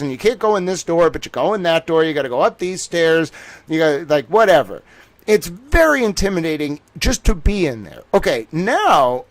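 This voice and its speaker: Animated, swearing man. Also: sits high, no echo, rough recording. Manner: animated, swearing, acts out quoted voices. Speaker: streamer host. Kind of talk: profane casual storytelling monologue.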